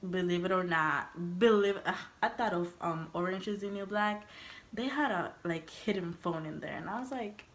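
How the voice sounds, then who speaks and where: A woman's voice: mid-range voice, moderate pace. Young woman telling a story, laughing often. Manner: animated, laughing, swearing, acts out quotes. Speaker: vlogger. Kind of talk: casual storytime.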